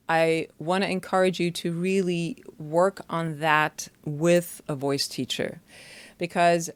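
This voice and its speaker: A woman's voice: on the low side, no room sound. A woman voice teacher explaining singing technique in a chatty, step-by-step way, often checking in with the listener.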